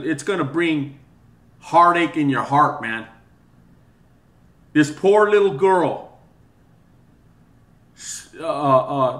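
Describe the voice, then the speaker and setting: Worked-up guy ranting, stumbles and repeats himself, bright voice, roomy echo. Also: a little high. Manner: agitated, repetitive, stammering restarts. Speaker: video commentator. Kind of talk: angry opinion rant.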